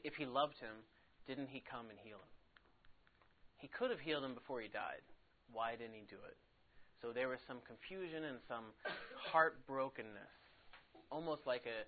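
A man leading a Bible study class, asking the group questions and explaining in a conversational, increasingly emphatic way. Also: mid-range voice. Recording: phone-like narrow sound.

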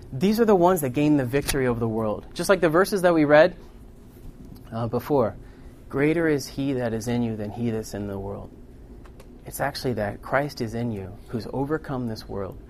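Earnest male preacher, rising to loud peaks. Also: medium pitch, a little hiss or hum. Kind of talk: sermon. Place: room with a congregation.

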